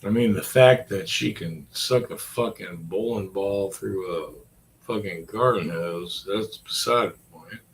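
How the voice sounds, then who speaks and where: A man's voice: low voice, measured pace, a little hiss or hum. A man in his forties rambling in a casual, profane chat and talking to his dog. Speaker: vlogger.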